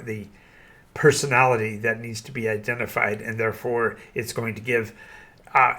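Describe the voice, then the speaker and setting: An older man hosting his own channel, a veteran game master giving opinions in a halting monologue with frequent restarts. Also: medium pitch, pushed and bright. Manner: halting, many restarts and fillers.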